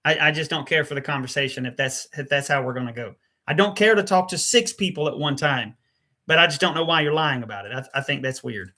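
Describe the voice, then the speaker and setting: A man's voice: a little high, animated, quick pace, sharp tone. A man hosting a live call-in debate. He presses callers, repeats his phrases and cuts in. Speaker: debate host.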